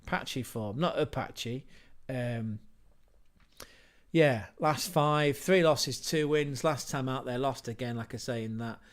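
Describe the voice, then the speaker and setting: A man's voice: mid-range voice, slow. A man hosting a casual football livestream, running through team lineups with jokey asides, wordplay and self-corrections. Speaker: football podcast host.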